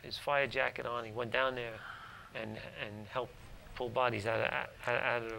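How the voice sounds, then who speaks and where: Gravelly man telling stories as a guest. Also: medium pitch, flat delivery, normal speed, bright, forceful tone, slight background noise, rough recording. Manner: rambling, restarts, lots of "like". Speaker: actor, guest. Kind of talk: casual interview storytelling. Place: TV studio.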